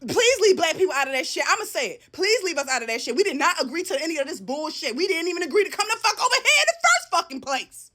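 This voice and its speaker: A woman giving a profane, heated ranting monologue, swinging between loud outbursts and low muttering. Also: big pitch swings, quick pace, few pauses. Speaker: social media commentator.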